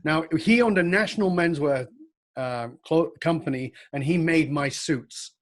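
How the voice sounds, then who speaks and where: Guy in his 50s, slightly high voice, animated storyteller who laughs a lot. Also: unhurried. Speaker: guest. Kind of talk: storytelling interview.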